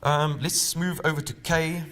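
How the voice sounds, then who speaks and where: A man's voice: a little high, steady tone, a little slow, a bit bright. A man with a South African accent leading a live legal training seminar, explaining rules conversationally and quizzing the audience with questions.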